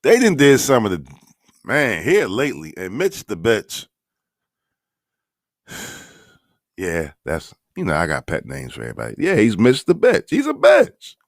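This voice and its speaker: A man's voice: lowish voice, huge pitch swings, measured pace, long pauses, no room sound, clean studio sound. A man hosting an online radio show, giving blunt, profane commentary with mocking asides.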